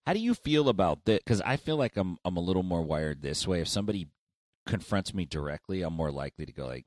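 A man's voice: sits low, very animated, fast talker, a little mellow, no room sound. A middle-aged man co-hosting a podcast, chatting casually and telling stories with plenty of swearing. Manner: profane, storytelling, chatty. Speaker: podcast co-host. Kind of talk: casual chat.

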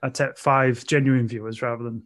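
A man with a Yorkshire accent, relaxed and casual, chatting about his streaming community. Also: mid-range voice, brisk. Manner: relaxed, says "you know what I mean", "innit". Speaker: streamer, podcast guest. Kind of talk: casual chat.

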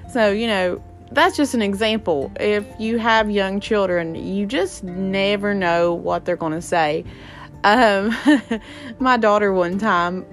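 A woman, chatting and laughing as she rambles through stories about her children. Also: mid-range voice. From West Virginia. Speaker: mother telling family stories. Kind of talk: casual storytelling to viewers.

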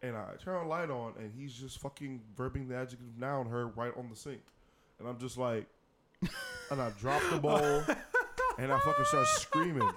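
A man's voice: medium pitch, moderate pace, crowd noise. Man telling a crude story animatedly. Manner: animated, profane storyteller who acts out the scenes. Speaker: podcast co-host. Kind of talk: casual chat, telling a funny story.

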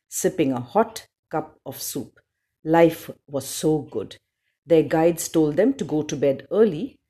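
Storyteller, woman, low warm voice, lively rises and falls, unhurried. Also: breathy edge. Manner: slow, expressive read-aloud with small slips. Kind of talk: storybook narration.

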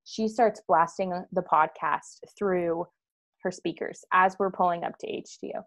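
A woman's voice: lowish voice, fairly even intonation, unhurried, a bit bright. A young woman co-hosting a podcast, telling a story casually and laughing often as she talks. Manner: giggly, laughs through her stories. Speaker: podcast co-host.

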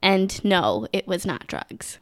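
Young Minnesotan woman, podcast guest; smooth, clear, anecdotal delivery. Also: mid-range voice, sing-song, takes it slowly. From Minnesota, USA. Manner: laughs often, storytelling. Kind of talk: casual chat.

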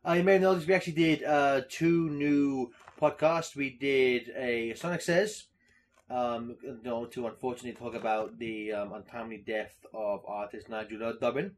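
A man's voice: medium pitch, fairly even intonation, normal speed, slight background noise. A man co-hosting a podcast in casual chat, rambling, swearing and laughing often. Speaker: podcast co-host.

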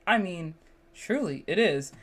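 A woman hosting a podcast in casual chat, sassy and animated, her voice jumping up when she exclaims. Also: lowish voice, unhurried. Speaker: podcast host.

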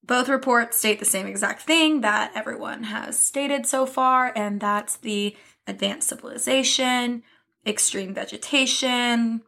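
A woman's voice: on the high side, measured pace, vocal fry, sharp tone. A young woman co-hosting a podcast in casual chat, chatty and often laughing. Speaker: podcast co-host.

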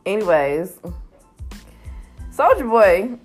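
A woman's voice: medium pitch, big pitch swings, extremely slow, darkish tone, soft background music. A woman co-hosting a casual chat show, blunt and profane, laughing often. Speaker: podcast co-host.

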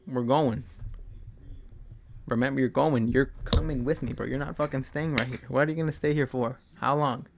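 A man's voice: medium pitch, steady tone, moderate pace, gravelly, slight background noise. A young man hosting a podcast, delivering a blunt, rambling motivational monologue full of swearing. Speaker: podcast host.

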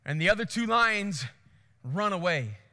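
A man preaching with a high, bright voice. His delivery is animated, swinging from hushed to loud, and it rings with a long hall reverb. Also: unhurried. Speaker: pastor. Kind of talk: sermon.

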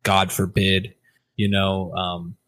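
A man with a low voice in casual podcast chat. He rambles loosely, circles back on his thoughts and swears casually. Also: level tone, slow, crowd noise. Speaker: podcast co-host.

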